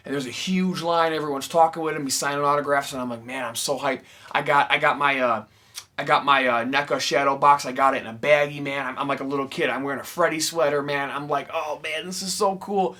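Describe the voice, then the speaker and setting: A man's voice: fairly high pitch, steady tone, brisk, pushed and bright. A man hosting his own channel, telling a story to camera in casual talk, swearing freely and acting out the people he quotes. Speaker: YouTube channel host answering viewer questions.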